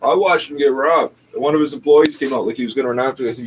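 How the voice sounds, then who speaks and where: A man's voice: medium pitch, fast talker, few pauses. A man delivering a profane, ranting monologue, sometimes acting out other people. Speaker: internet radio talker. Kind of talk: angry monologue over a radio feed. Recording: dull lo-fi mic with faint noise.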